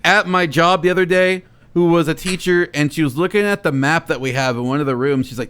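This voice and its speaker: A man's voice: on the high side, a little fast, a bit bright, clear, resonant tone. A man from the United States co-hosting a podcast, blunt and exasperated, swearing freely in casual chat. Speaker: podcast co-host.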